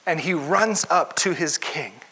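Man preaching, kinda high voice, bright n a bit husky, tells the story with lots of feeling. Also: a little slow, poor audio. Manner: expressive storytelling, acts out the scene. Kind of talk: sermon.

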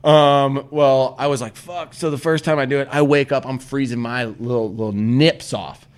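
A man's voice: mid-range voice, moderate pace, clear, resonant tone. Profane man telling a rambling story. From Missouri. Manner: profane, animated, acts out his own voice in quotes. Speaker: podcast host. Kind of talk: casual storytelling chat.

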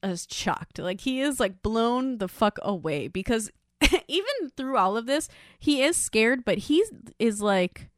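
A woman's voice: fairly high pitch, unhurried, no room sound, clean studio sound. A woman co-hosting a casual podcast, recapping a TV show, swearing freely and acting out the characters' lines. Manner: animated, swears a lot, acts out characters' lines. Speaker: podcast co-host.

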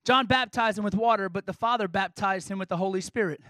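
A man's voice: high-pitched, fast talker, pushed and bright, dry recording, poor audio. A man preaching a sermon as a pastor, earnest and emphatic, driving points home with repeated rhetorical questions.

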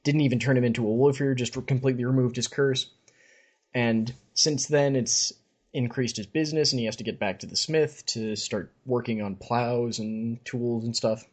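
A man's voice: medium pitch, steady tone, moderate pace. A man hosting a podcast, casually retelling fantasy stories in a chatty way and reading passages aloud. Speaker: podcast host. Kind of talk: casual story recap.

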